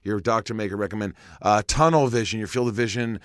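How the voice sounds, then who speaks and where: Low-voiced man telling a story animatedly. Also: brisk, no echo, clean studio sound. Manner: animated, acts out dialogue, swears freely. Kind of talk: casual storytelling chat.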